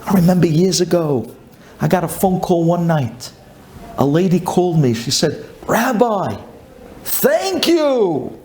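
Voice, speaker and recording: A male rabbi delivers a storytelling sermon in a fairly high, mellow voice at normal speed, with slight background noise. He's emphatic, asking rhetorical questions and repeating key phrases.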